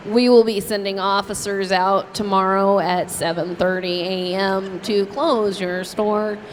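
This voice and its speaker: A woman putting on the voice of a stern, formal tax officer speaking on the phone, slow and officious. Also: mid-range voice, fairly even intonation, long reverb tail, slight background noise, voice pushed down, natural voice.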